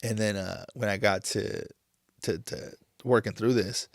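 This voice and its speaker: Thirties guy, gravelly low voice, choked up, keeps restarting, dry close sound. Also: steady tone, no echo. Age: 30s. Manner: emotional, halting, many restarts. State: tearful. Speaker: podcast host. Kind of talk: casual chat.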